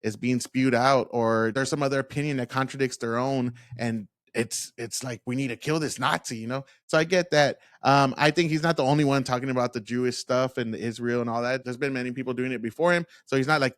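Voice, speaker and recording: A man's voice: mid-range voice, no room sound, studio quality. A man giving casual, worked-up reaction commentary on interview clips, blunt and profane.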